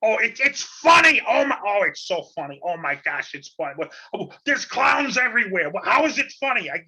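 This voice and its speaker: Brief: shrill, piercing squawk of a whiny male comedian, put on by a man, stammering and loud, lo-fi. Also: very animated, fairly quick, breathy edge, full character voice.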